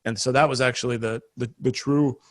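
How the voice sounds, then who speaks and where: A man co-hosting a podcast speaks briskly at a medium pitch with fairly even intonation. Chatting casually, he introduces the stories hesitantly and rambles, full of restarts and laughs.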